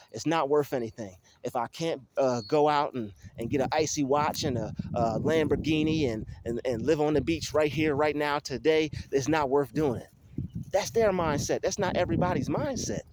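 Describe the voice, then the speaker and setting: A man's voice: fairly high pitch, a little mellow, slight background noise. A man talking in a casual motivational monologue, emphatic and repetitive, like he is preaching. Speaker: motivational vlogger.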